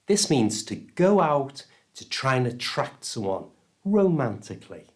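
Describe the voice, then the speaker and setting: Slow, careful British English teacher. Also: male voice, mid-range voice, sing-song. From United Kingdom. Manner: careful, clear pronunciation coaching. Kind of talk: scripted language lesson.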